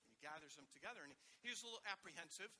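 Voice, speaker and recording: Bright-toned preacher man, storytelling sermon. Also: fairly high pitch, expressive, rapid-fire, slight background noise. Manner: storytelling preacher, swings between loud and hushed. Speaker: pastor.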